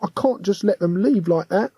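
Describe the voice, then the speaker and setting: An audiobook narrator, a man, voicing a plucky young working-class boy ghost with rough, earnest speech. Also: high voice, expressive, normal speed, warm tone, dry recording, voice pushed up, exaggerated voice. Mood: determined.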